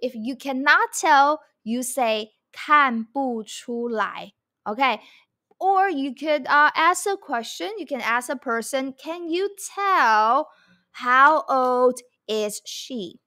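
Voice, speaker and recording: A woman with a high, bright voice gives a language lesson. She speaks slowly and deliberately, repeating each example so learners can follow. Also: expressive. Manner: slow, repeating phrases for learners; mixes English explanation with Mandarin examples. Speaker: Mandarin teacher.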